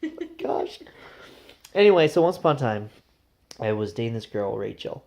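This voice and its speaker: A man's voice: medium pitch, animated, a little fast, gravelly, a little mellow. A man telling a rambling, conversational story to camera in a casual vlog. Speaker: vlogger.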